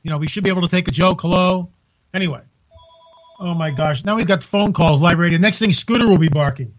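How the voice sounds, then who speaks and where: A man hosting a live talk radio show from home, incredulous and animated, restarting his sentences often. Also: sits high, fast, low-quality recording.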